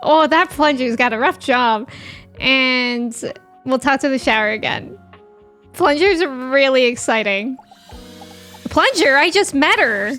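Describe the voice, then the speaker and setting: A young woman streamer talks through a game in loose casual chat, giggling and reacting to what she sees. Her voice sits high, and she speaks at an unhurried, slow pace. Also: animated, a bit bright, soft background music. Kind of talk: casual live-stream commentary.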